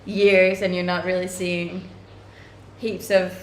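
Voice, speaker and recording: A woman's voice: lowish voice, little pitch movement, slow pace, slight background noise. A woman streamer chatting casually with her viewers, bubbly and thankful. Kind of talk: casual live-stream chat. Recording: echoey room with faint ambience.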